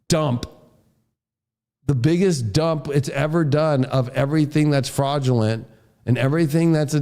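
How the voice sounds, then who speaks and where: A man with a high-pitched voice delivers an astrology forecast as a fierce, expletive-heavy rant. He is a father and talks in a heated, combative way. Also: warm tone. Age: adult, a father. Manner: heated, profane ranting.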